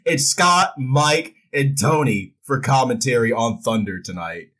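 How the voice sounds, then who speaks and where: A man's voice: mid-range voice, animated, slow pace, fairly bright tone, rough recording. A man recapping a wrestling show in a casual, irreverent way, joking and swearing freely as he goes.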